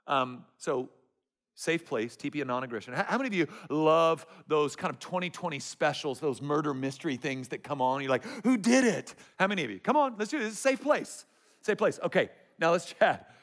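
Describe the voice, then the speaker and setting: A man's voice: on the high side, animated, brisk, a bit bright. A man preaching a sermon as pastor, telling stories to the congregation with playful humor.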